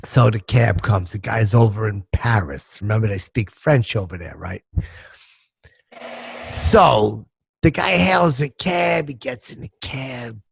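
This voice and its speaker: A man doing a gravelly, rambling New dimwit. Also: mid-range voice, expressive, takes it slowly, exaggerated voice. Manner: loses his thread, rambling corrections. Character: dim, crude, rambling middle-aged male New Yorker. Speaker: podcast host. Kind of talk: comic character podcast banter.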